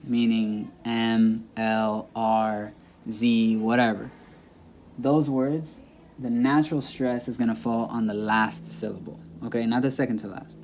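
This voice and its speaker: Male teacher, warm low-key tone, patient, casual explainer. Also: slight background noise. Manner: patient, repeats words slowly for emphasis, checks in with "okay?". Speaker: Spanish teacher.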